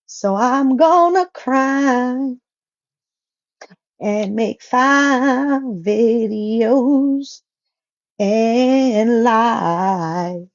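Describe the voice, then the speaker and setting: A woman putting on the voice of a whiny, self-pitying rival woman in slow, drawn-out, sing-song mockery, with a dull lo-fi sound. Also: a little high. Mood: mocking sing-song.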